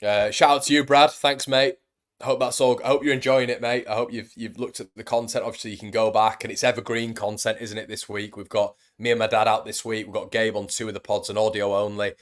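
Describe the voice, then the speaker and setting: A man's voice: lowish voice, level tone, fairly quick. A young man hosting a football fan live stream, chatting casually and reading out viewer comments, calling everyone mate and buddy. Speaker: football fan channel host.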